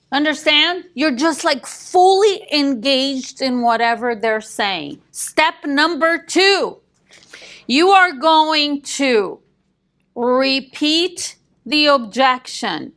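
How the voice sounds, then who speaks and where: A woman coaching a live sales class, emphatic and direct, often quizzing her listeners with quick questions and a dry joke. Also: high-pitched, sharp tone. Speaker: real estate sales coach.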